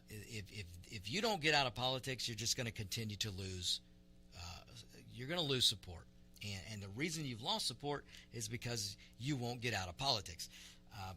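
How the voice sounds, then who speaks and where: A man's voice: mid-range voice, bright, forceful tone, slightly rough. A man hosting a talk radio show. He gives opinionated commentary in an emphatic way and often repeats words as he restarts.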